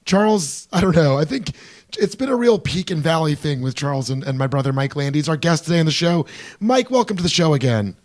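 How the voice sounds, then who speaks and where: A man with a head cold and a hoarse voice, co-hosting a casual comedic podcast chat in a joking, sarcastic way. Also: fairly high pitch, big pitch swings, a little fast. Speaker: podcast co-host. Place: small hot room.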